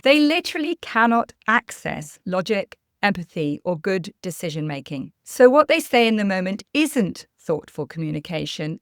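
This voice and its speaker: A middle-aged woman, a parenting coach, speaking calmly to camera and telling stories. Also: medium pitch, dry recording, studio quality. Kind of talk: scripted talk to camera.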